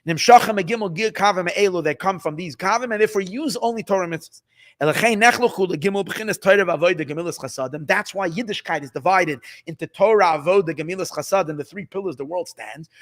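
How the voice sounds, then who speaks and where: Casting note: excitable male rabbi in a Torah class, high voice that swoops up and down. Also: a little fast. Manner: excitable, emphatic, mixes Hebrew and Yiddish terms, repeats phrases. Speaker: rabbi teaching Hasidic text. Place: study hall.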